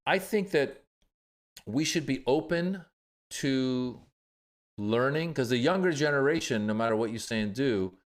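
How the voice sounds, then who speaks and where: A man's voice: medium pitch, expressive, measured pace. A middle-aged man, a comedian from Iran, talking through ideas in a podcast interview, acting out the voices of the people he quotes. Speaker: comedian guest.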